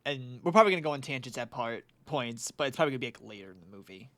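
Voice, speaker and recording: A man's voice: mid-range voice, lively intonation, very fast, a bit bright, no echo. A young man co-hosting a podcast, chatting casually, laughing and swearing freely. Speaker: podcast co-host. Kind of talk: casual chat.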